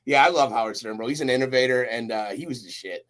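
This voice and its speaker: A man's voice: mid-range voice, fast talker, a bit bright. A young man, a guest on a podcast, chatting casually with lots of slang and storytelling. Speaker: guest, roofing company recruiter.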